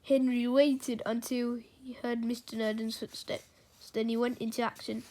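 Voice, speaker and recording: A woman reading a children's storybook aloud, in a gentle read-aloud manner. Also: on the high side, flat delivery, normal speed.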